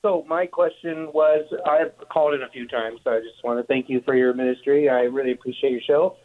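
A man's voice: medium pitch, fairly even intonation, brisk. A male caller on a thin, narrow telephone line. He asks his question hesitantly and searches for words as he goes. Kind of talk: phoned-in question on a radio show.

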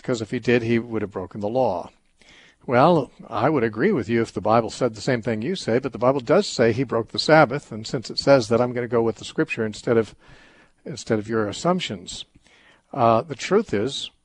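Husky-voiced male radio Bible show host. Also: medium pitch. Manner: calm, reasoning, explains with everyday examples. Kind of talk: call-in Bible teaching talk.

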